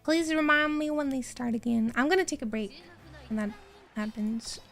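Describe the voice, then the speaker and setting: A woman streamer chatting casually while she plays a game, rambling and excitable, answering her chat as she goes. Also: sits high, moderate pace, soft background music.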